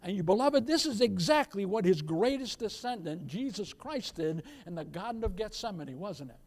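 A man preaching a sermon as pastor, reading scripture slowly and rising to loud calls for amen. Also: sits high, animated. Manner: reads scripture slowly in King James wording; jokes with the congregation and laughs.

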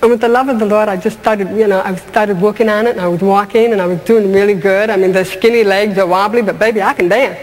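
A woman comedian telling a personal story on stage with an animated, emphatic, punchy delivery. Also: mid-range voice, quick pace, few pauses. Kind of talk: stand-up storytelling testimony. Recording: long hall reverb, faint noise.

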